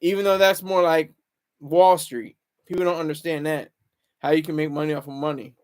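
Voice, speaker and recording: A man's voice: fairly high pitch, steady tone, fairly quick, a little mellow, clean tone. A man hosting a casual livestream, rambling and chatting with viewers in the comments. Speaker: livestream host.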